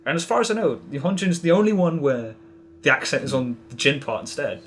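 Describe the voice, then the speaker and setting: A man's voice: a little high, big pitch swings, fast, slight background noise. A man as a podcast guest, explaining in a rambling way with many restarts. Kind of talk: casual podcast conversation.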